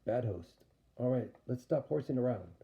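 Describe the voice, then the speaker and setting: A man's voice: medium pitch, animated, normal speed, creaky, warm tone. A man voicing a joking male game show host doing voiceover, in an audio story. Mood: bantering. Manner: announcer-like voiceover. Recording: dull lo-fi recording.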